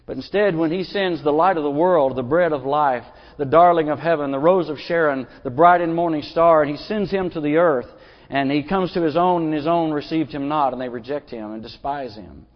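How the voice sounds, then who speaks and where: Preacher guy, kinda high voice, folksy sermon, long church echo. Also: brisk. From Arkansas. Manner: earnest, folksy, with repeated restarts. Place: church sanctuary. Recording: dull lo-fi sound, long church reverb.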